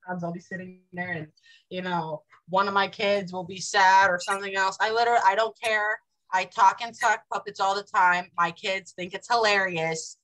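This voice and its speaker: A woman, a mother of young kids, talking as a guest in a casual spiritual conversation, animated and acting out quotes from her family. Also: medium pitch, normal speed, rough recording.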